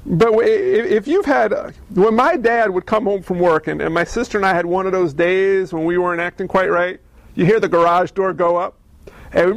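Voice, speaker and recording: A man preaching a sermon, telling stories in a conversational, animated way and asking the audience questions. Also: high voice, normal speed, creaky, no room sound. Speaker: pastor.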